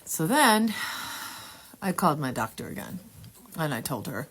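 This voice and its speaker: A woman telling her personal Christian testimony in a candid, earnest, halting way, with frequent pauses. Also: low-pitched, sing-song, fairly bright tone, husky. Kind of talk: casual personal testimony storytelling.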